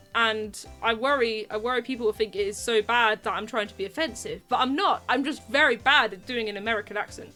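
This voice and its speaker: A woman's voice: on the high side, sharp tone. A British woman casually commenting on a game stream, chatty and self-deprecating. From Britain.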